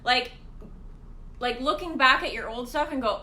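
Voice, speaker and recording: High, bright Canadian woman coaching. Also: normal speed, roomy sound. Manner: animated storytelling with acted-out quotes. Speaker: co-host. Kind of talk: casual live business coaching chat.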